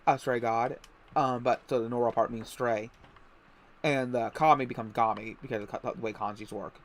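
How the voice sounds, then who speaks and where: A man's voice: mid-range voice, fairly even intonation, moderate pace. A man streaming a game, chatting casually with friends in a rambling, self-correcting, joking way. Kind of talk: casual gaming chat.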